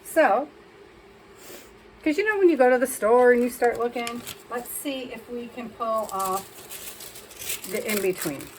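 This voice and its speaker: A woman's voice: fairly high pitch, a little slow, pauses often, slight background noise, rough recording. A woman talking casually through a crafting session as a vlogger, chatting and scolding herself as she works.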